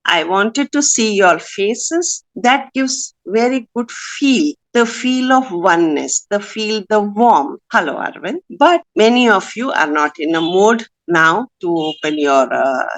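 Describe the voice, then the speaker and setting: A woman leads an online workshop over a video call. She speaks earnestly and persuasively, pressing her points with firm conviction. Her voice sits at an ordinary middle pitch for a woman. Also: animated, takes it slowly, hardly any pauses. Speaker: workshop speaker, skincare brand owner. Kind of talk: motivational online workshop talk.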